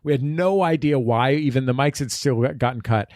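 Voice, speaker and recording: A man on a podcast as a guest, chatting casually and telling animated stories with bursts of laughter at a studio table. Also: mid-range voice, fairly quick, no room sound. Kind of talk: casual chat.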